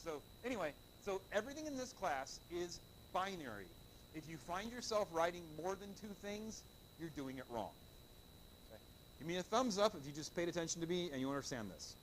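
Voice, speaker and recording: A middle-aged male chemistry teacher lecturing a class, his pitch leaping up and down as he quizzes the room with playful jokes. His voice sits a little high for a man. Faint classroom noise hums behind him. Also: brisk. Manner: lively, joking, quizzes the class with call-and-response.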